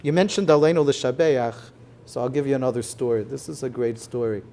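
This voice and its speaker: A male rabbi answering questions before a live audience, his tone mellow and dark. He explains at an even, measured pace with a lot of "you know". Faint room ambience hums underneath. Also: mid-range voice, a little hiss or hum. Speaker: rabbi, head of a conversion court, guest. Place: synagogue hall with an audience.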